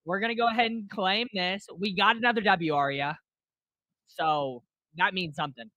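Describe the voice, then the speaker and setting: A man's voice: high voice, moderate pace, sharp tone, no room sound. A man streaming a game, chatting casually and chuckling with his AI co-host. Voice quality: laid-back, chuckling. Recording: slightly muffled dry mic.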